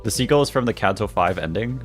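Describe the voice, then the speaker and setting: A man's voice: fairly low pitch, animated, fast, faint music behind. A young man streaming a game, reading its dialogue aloud in playful voices and joking with his chat.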